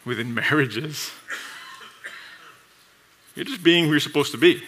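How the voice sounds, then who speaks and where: An animated male pastor preaching in a casual, chatty way, slipping into quick voices for people at work. His voice sits a little high and rings bright and forceful. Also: a little hiss or hum. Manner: animated and conversational, laughs often; acts out coworkers' voices in quick asides. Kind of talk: sermon.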